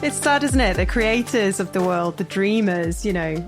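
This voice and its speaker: A woman's voice: mid-range voice, expressive, music in the background. Chatty woman hosting a podcast. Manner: chatty, quick, laughs easily. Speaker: podcast host. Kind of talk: casual podcast chat.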